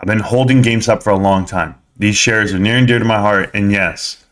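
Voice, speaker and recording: A man's voice: lowish voice, steady tone, fairly quick, a bit bright. A man hosting a casual stock-market live stream, talking energetically and straight to his viewers.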